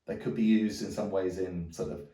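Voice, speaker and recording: A man's voice: low voice, fairly even intonation, brisk, dark tone, echoey room, distant mic. A man teaching a djembe lesson, rambling with lots of "sort of" and "um", calling out drum strokes as he plays. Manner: calls out drum strokes aloud while playing. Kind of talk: hands-on music lesson. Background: djembe drumming.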